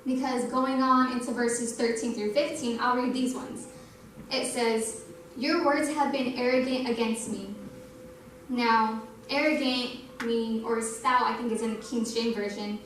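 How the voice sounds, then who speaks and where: High-voiced young woman in an echoey hall. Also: steady tone, measured pace, a bit bright, far from the mic, slight background noise. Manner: conversational, acts out quoted dialogue. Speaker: youth night speaker. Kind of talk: testimony sermon.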